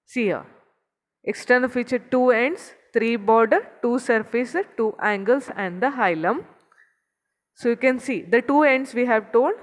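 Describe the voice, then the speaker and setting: Woman teaching anatomy in a reverberant hall. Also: on the high side. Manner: explains step by step, points at a figure, repeats key terms. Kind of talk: recorded anatomy lecture.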